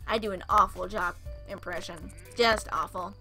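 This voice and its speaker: A woman's voice: mid-range voice, moderate pace, sharp tone, soft background music. A young woman reading a visual novel aloud, with playful, giggly asides and silly voices for the characters. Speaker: let's play host reading a visual novel. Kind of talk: reading a dating game aloud with commentary.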